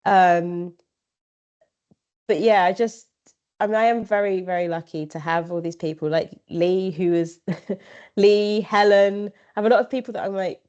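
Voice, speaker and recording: A woman's voice: medium pitch, measured pace, darkish tone, smooth. Chatty woman runner on a lo-fi line. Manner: chatty, acts out quoted exchanges, laughs often. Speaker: ultrarunner guest. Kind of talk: casual podcast chat.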